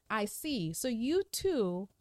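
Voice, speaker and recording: A woman's voice: fairly high pitch, sing-song, very slow, darkish tone, no echo, clean studio sound. A woman co-hosting a podcast, chatting casually and playfully teasing while recapping a book. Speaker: podcast co-host. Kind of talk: casual book-club chat.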